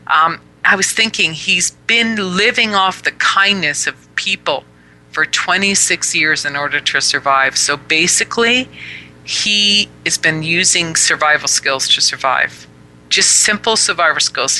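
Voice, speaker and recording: A woman with a very bright, sharp-edged voice hosts a talk show. She tells a personal story earnestly and reflectively, replaying her own side of past conversations. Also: fairly low pitch, poor audio.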